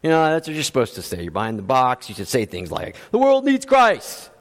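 A man's voice: on the low side, very animated, quick pace, long reverb tail. A man preaching a sermon as pastor, driving his points home with emphatic rhetorical questions.

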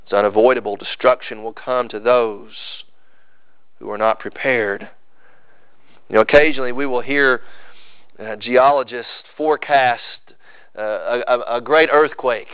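A man preaching a sermon as pastor, moving from loud emphasis to hushed, drawn-out intensity. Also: mid-range voice, fairly even intonation, smooth, no room sound. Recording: slightly dull, dry sound.

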